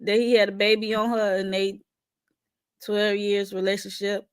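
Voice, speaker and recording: A woman with a mid-range voice chimes in as co-host of a casual reality-show recap. She reacts with quick, expressive remarks, and her voice sits close to a dry mic. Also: medium pitch, clean tone, dry recording. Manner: expressive, quick interjections and laughter.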